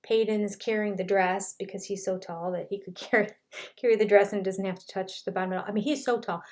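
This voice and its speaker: Older woman, casual show reviewer, chatty storyteller who acts out the quotes, mid-pitched. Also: fairly even intonation, fast talker, darkish tone. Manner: chatty, retells scenes with quoted dialogue. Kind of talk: casual commentary.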